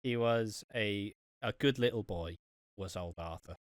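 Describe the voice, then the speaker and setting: A man's voice: lowish voice, measured pace, no echo, studio quality. A man co-hosting a podcast, rambling and swearing as he chats and often laughs. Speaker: podcast co-host reviewing a soap. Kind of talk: casual podcast chat.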